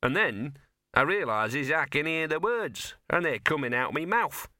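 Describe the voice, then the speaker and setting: A man's voice: fairly high pitch, lively intonation, measured pace, bright, forceful tone, no room sound, clean studio sound, pitched above the performer's own voice, full character voice. A man voicing a scruffy, sardonic male talking dog who grumbles in slangy street talk. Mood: wry.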